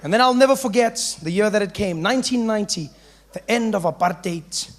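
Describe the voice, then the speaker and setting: A man with a South African accent telling a stand-up story, acting out voices and bursting into shouts. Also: high voice, a little fast. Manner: animated, switches into character voices and shouts. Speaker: stand-up comedian.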